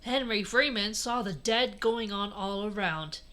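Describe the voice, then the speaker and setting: A woman's voice: medium pitch, a little slow, pushed and bright. Giggly woman reading with sarcastic asides. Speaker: reader. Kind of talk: reading a fanfic aloud with commentary.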